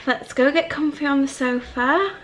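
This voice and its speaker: A young woman vlogging at home in a chatty, excitable way, then giving a calm advice chat. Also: high-pitched, moderate pace. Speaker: lifestyle vlogger. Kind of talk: casual vlog narration. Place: cosy home living room.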